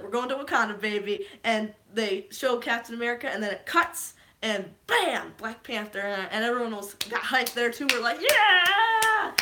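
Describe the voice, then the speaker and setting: Bright-voiced woman rambling through a movie recap. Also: fairly high pitch. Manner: rambling, filler-heavy, gushing. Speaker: vlogger. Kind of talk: casual movie recap chat.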